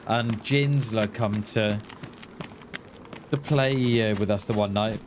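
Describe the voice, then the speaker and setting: A man rambles through a casual gaming live stream, slow and unhurried in his speech. He is chatty and quick to laugh at himself. The stream audio carries steady noise and the click of keys. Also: on the low side.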